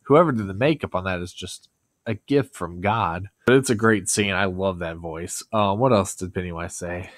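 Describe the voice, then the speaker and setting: A man's voice: low voice, moderate pace, no echo. A man talking casually to camera in a rambling, self-deprecating way. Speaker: video creator. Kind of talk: casual vlog talk.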